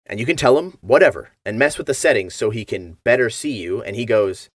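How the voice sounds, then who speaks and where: A man's voice: mid-range voice, lively intonation, a little fast, dry recording, clean studio sound. A man narrating a gaming lore video essay in a wry, jokey manner.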